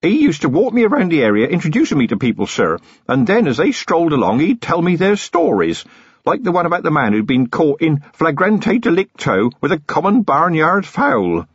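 A man's voice: on the high side, wildly swooping pitch, brisk, breathy edge, no room sound, voice pushed up, heavily acted. A man reading a novel aloud, voicing an earnest young village constable who is eager, deferential and boyish. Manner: eager and deferential, lots of "sir". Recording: dull lo-fi audiobook recording.

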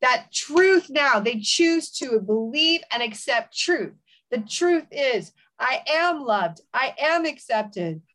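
A woman's voice: sits high, lively intonation, slow, fairly bright tone. A woman podcast host who talks with her guest and leads prayer, declaring encouraging affirmations. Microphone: podcast mic.

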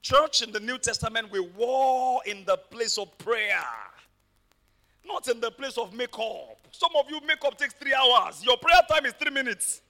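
A man preaching a sermon, telling stories dramatically and rising to shouted peaks. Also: extremely high pitch, measured pace.

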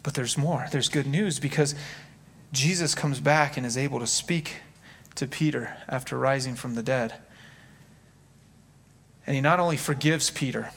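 A man's voice: medium pitch, moderate pace, long pauses, a bit bright, slight background noise. A man preaching a sermon in an earnest, conversational way, acting out quotes from scripture. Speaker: pastor.

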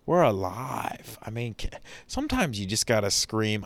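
A man's voice: lowish voice, huge pitch swings, a little slow, no room sound. A man hosting a solo podcast, rambling in an enthusiastic, preachy motivational way. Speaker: podcast host.

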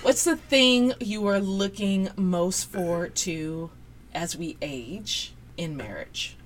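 A woman's voice: fairly low pitch, slow, a little hiss or hum. A woman hosting her podcast, chatting casually and reflectively with her husband, laughing often. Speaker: podcast host.

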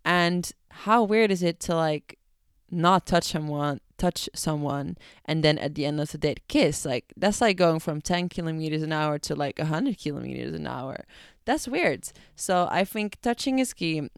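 A woman's voice: sits low, expressive, normal speed, smooth, dry recording, studio quality. A young American woman hosting a podcast, chatting bluntly and casually and swearing freely. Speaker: podcast host. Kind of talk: casual chat.

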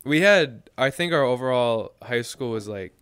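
Bright, crisp man making crude jokes. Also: mid-range voice, animated, normal speed. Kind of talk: casual group chat.

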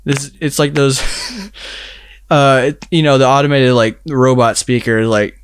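Young guy, casual storyteller, rambling with lots of fillers; smooth tone, dry close mic. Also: mid-range voice, steady tone, unhurried, dry recording. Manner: rambling, filler-heavy, laughs while telling a story. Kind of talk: casual chat.

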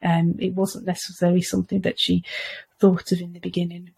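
A woman's voice: lowish voice, monotone, a little fast, creaky, husky. A woman from Wales, a podcast guest, telling family stories in a conversational way with frequent restarts. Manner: warm storytelling, many restarts. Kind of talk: casual conversation.

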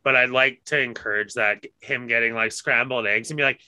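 A man's voice: medium pitch, fairly even intonation, brisk, sharp tone, clear, resonant tone, dry recording, low-quality recording. A man co-hosting a podcast, telling anecdotes in casual, profane chat. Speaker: podcast co-host.

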